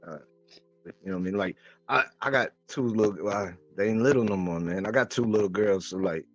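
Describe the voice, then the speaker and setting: A man hosting a casual chat, relaxed and laid-back, often saying "man" and "you know what I mean". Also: on the low side, fairly quick, dry recording. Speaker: host. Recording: lo-fi audio with faint music.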